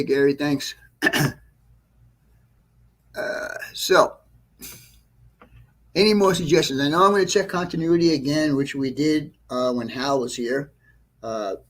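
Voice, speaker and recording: A man hosting a casual livestream about his model railroad, rambling and correcting himself, clearing his throat often, frustrated with a problem. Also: medium pitch. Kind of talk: casual livestream chat to viewers. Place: train layout room at home.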